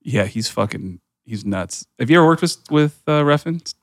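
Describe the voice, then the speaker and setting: A man hosts a pop culture podcast in a mid-pitched voice. He talks loosely, swears freely and leans on fillers as he riffs with his co-hosts. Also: lively intonation, normal speed. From United States. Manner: loose and profane, many fillers. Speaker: podcast host. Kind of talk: casual pop culture chat.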